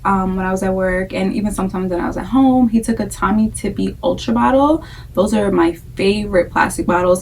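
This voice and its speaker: A young woman chatting candidly to her camera, talking in an easy, everyday way. She loops back and repeats phrases to drive a point home. Her voice sits at an ordinary pitch and sounds like it was picked up from a little way off the mic. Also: a little mellow, far from the mic, a little hiss or hum, rough recording. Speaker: vlogger, breastfeeding mom. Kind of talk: casual chat to camera.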